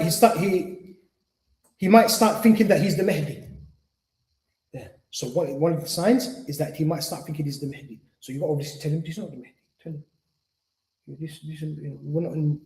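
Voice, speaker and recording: Fast-talking male Islamic teacher, echoey hall. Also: on the high side, warm tone. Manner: conversational, acts out dialogues, repeats "you see". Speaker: Islamic teacher and spiritual healer. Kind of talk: mosque lecture.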